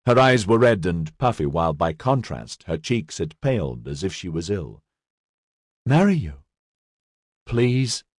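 Male audiobook narrator, low husky voice, lively delivery, dry close recording. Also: moderate pace, hardly any pauses, dry recording.

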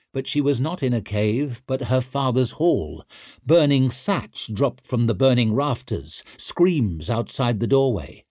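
A man narrating an audiobook in a slow, deliberate, steady way. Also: mid-range voice, dry recording, studio quality.

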